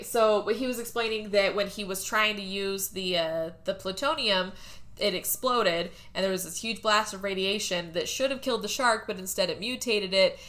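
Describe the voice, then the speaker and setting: A young woman hosting a movie podcast, rambling through a plot recap with laughter and casual swearing. Her voice is bright and forward, at a middle pitch. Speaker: podcast host.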